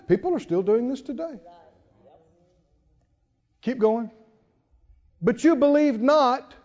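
A man preaching a sermon, emphatic, repeating phrases and building to shouts. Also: very high-pitched. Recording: long hall reverb, dull lo-fi sound.

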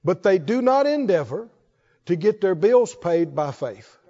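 High-voiced preacher, slow and lively. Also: male voice. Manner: call-and-response, repeating phrases with the congregation. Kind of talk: sermon. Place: church hall. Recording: dull echoey church recording.

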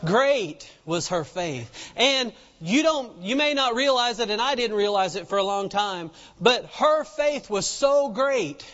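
In a noticeably high, fairly bright voice, a man preaches a sermon, retelling scripture in plain, folksy words and building to fervent emphasis. The recording is muffled and dull, and his voice rings with a long reverb like a large hall.

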